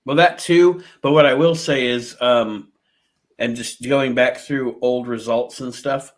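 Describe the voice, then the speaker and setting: A man's voice: medium pitch, fairly even intonation, measured pace. A man co-hosting a casual chat, starting and restarting his points, often laughing. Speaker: podcast co-host.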